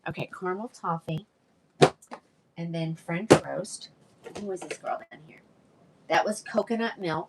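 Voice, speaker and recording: A woman's voice: fairly low pitch, noisy background. A woman hosting a live wig sale, chatting casually and greeting viewers by name. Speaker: live-selling wig seller. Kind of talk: casual livestream sales chat.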